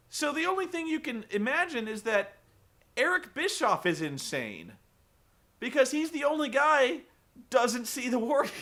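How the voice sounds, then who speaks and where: Animated, bright-voiced man recapping wrestling. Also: extremely high pitch. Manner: animated, laughing, casual swearing. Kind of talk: casual comedic recap.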